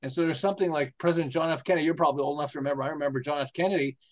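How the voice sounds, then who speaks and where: This interview guest, an American marketing specialist in his sixties, races along in a high-leaning voice with fairly even intonation. He tells stories with laughs and rhetorical questions in an enthusiastic, casual way.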